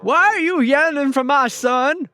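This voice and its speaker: A woman's voice: high voice, unhurried, sharp tone, soft background music. A woman voicing a rambling, long-winded old male halfling father in a tabletop game. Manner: doddering, long-winded storytelling.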